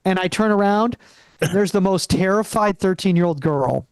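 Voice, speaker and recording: Young male stand-up comic, high voice, dry close sound, rambling, restarts a lot. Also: moderate pace, smooth, dry recording. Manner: rambling, many restarts and acted-out quotes. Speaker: stand-up comedian. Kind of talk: stand-up set. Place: comedy club stage.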